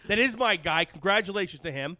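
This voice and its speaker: A man's voice: high voice, animated, fast, no echo, studio quality. A middle-aged man with a New Jersey accent, hosting a podcast and telling long rambling stories full of fillers. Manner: loud, rambling, storytelling with frequent fillers. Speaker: podcast host. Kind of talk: casual podcast banter. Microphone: headphones and studio mic.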